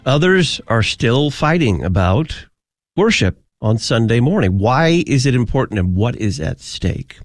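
A man hosting a radio interview show, introducing his guest in a measured, formal way. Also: mid-range voice, big pitch swings, no echo, clean studio sound.

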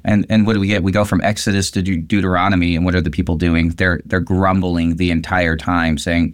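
A man's voice: deep voice, a little fast, few pauses, no room sound, studio quality. A man, a pastor, discussing a Bible passage in casual conversation and animatedly acting out quoted lines. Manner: animated, acts out quotes with lifted voice.

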